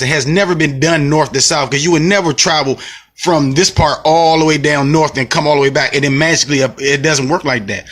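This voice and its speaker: A man's voice: a little high, fairly bright tone, husky. A man from the United States ranting heatedly in a casual vlog, swearing often and repeating himself as he explains his point. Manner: heated, profane, repetitive. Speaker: vlogger.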